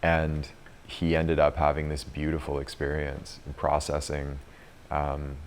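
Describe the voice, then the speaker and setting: A man's voice: extremely low pitch, completely flat delivery, unhurried, slight background noise. A man in his thirties leading a retreat group, telling a story in a chatty way and laughing often. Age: 30s. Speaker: retreat leader and coach.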